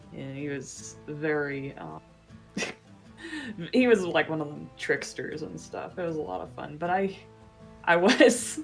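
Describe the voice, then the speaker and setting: A woman guest on a casual podcast chat, talking hesitantly with frequent giggles. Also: deep voice.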